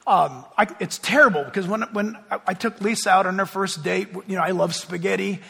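A man's voice: high-pitched, fairly quick, creaky, fairly bright tone, husky, in a large hall. A middle-aged man preaching a sermon as pastor, telling chatty stories with self-deprecating humor.

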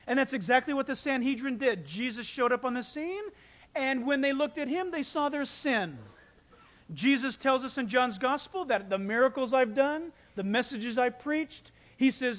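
A pastor preaching a sermon, telling stories with animated delivery and acting out quoted voices. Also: male voice, very high voice, moderate pace. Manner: animated storytelling, acts out quotes.

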